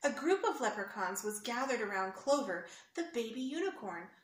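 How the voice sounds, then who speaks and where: Lady reading a kids picture book, explains words, points at pics, higher voice, echoey room w faint hiss. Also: expressive, normal speed. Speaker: storyteller for children.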